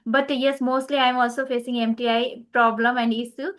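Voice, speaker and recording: High-voiced woman practicing conversational English. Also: flat delivery, normal speed, a bit bright. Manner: agreeable, frequent short affirmations. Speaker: host of English practice channel.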